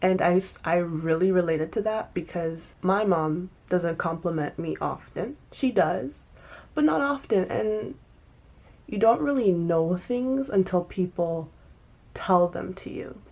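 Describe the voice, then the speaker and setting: A woman with a low-pitched voice talks through a TV episode in a loose, chatty way. She is animated and emphatic, jumping into quick asides and restarting her sentences as she goes. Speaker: TV recap reviewer. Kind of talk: casual chatty episode review.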